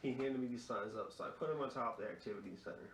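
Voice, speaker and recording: A man's voice: medium pitch, racing, fairly bright tone, slight background noise. A young man hosting a podcast, telling rowdy stories in a profane, chuckling way. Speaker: fill-in podcast host. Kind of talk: casual storytelling. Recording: echoey room.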